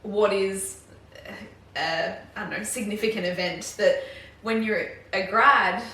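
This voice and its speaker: A woman, co-hosting a casual podcast chat as a nurse, thinking out loud with many fillers. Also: medium pitch, slow, a little hiss or hum. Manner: thoughtful, rambling, many "like" and "um". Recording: roomy room, distant mic, faint ambience.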